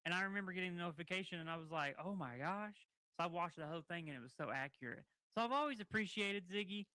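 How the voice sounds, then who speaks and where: A man's voice: high-pitched, lively intonation, fast talker, bright, forceful tone, dry recording. A man co-hosting a livestream, chatty and rambling as he talks to the chat. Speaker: livestream co-host.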